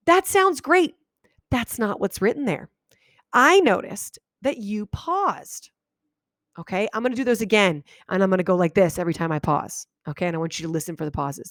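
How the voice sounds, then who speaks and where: A woman teacher giving a video lesson to her students, talking animatedly and reading example sentences aloud with big exaggerated pauses. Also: medium pitch, expressive, no echo, studio quality. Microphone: webcam microphone.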